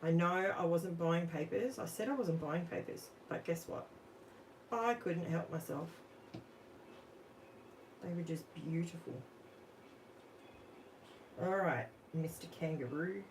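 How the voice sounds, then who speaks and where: An Australian woman chats her way through a live crafting session, talking to her viewers as she works. She speaks slowly in a somewhat low voice. A faint hum of background noise sits under her voice. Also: low-quality recording. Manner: chatty, talks to viewers while working. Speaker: crafting livestream host. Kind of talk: casual live crafting chat.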